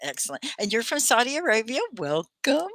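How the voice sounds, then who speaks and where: Lively, bright-voiced woman ESL teacher. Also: on the high side, brisk, dry recording. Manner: warm, encouraging, chatty with viewers. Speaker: ESL teacher hosting a livestream class. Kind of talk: live online English lesson.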